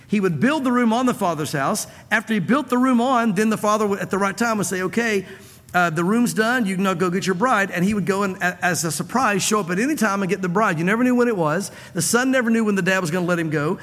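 Before an audience in a reverberant church hall, a male pastor delivers a conversational sermon, repeating himself and performing the dialogue he quotes. His voice sits high and sounds a bit bright.

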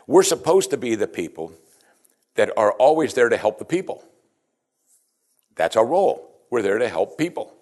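A man's voice: mid-range voice, darkish tone. A man preaching a sermon as pastor in a conversational way, often saying "you see" and restarting his sentences.

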